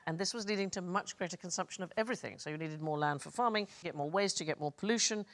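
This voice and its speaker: A woman's voice: lowish voice, fast talker. A woman hosting a comedy quiz panel, telling odd stories in a dry, wry way. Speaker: quiz show host.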